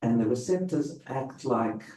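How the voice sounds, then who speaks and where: A man, a rabbi, giving a public lecture with slow, deliberate, emphatic phrasing. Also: mid-range voice, expressive, warm tone, distant mic. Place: event hall with a live audience. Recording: roomy, slightly muffled hall sound.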